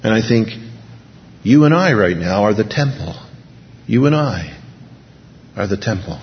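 A man's voice: on the low side, animated, a little slow. A man preaching an impassioned sermon in a church hall, building to emphatic repeated peaks. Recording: dull lo-fi recording with long hall reverb.

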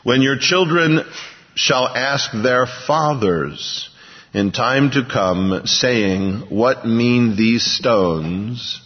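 A man preaching a sermon, reading scripture slowly and building to emphatic bursts. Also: mid-range voice, breathy edge. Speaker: pastor. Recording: dull, lo-fi with long hall reverb.

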